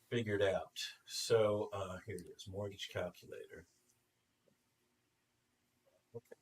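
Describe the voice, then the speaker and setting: Host: man, lower pitch, steers the conversation, a little off-mic with faint noise. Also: big pitch swings, fairly bright tone, recorded from a distance. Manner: leads the talk, quick affirmations. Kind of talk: live stream market discussion.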